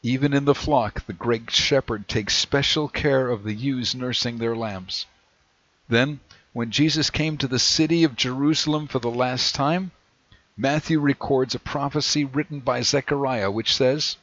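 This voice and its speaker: A man preaching a sermon in a measured way, slowing down whenever he reads scripture aloud. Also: medium pitch, fairly bright tone. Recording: dry, dull lo-fi recording.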